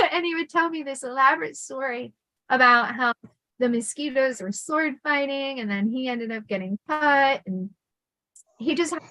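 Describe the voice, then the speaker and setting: Middle-aged woman chatting about her childhood, fairly high voice, lots of fillers, dry close sound. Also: pushed and bright, no echo, rough recording. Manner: chatty, laughing, many fillers and restarts. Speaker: podcast host telling her life story. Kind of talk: casual storytelling chat.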